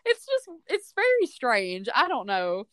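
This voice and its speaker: A woman co-hosting a casual movie review podcast, opinionated and animated, often acting out quotes. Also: on the high side, a little slow, no echo, clean studio sound. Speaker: podcast co-host.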